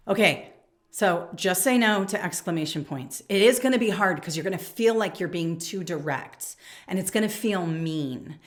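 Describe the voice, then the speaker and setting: A woman's voice: lowish voice, animated, normal speed, fairly bright tone. Woman, 40s, education coach: direct, emphatic instructional talk to camera. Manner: direct and emphatic, reads example emails aloud.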